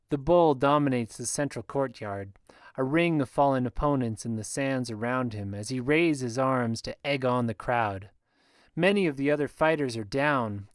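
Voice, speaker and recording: A man narrating a first-person fantasy audiobook in a steady, measured reading, recorded close on a studio mic. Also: medium pitch, no room sound.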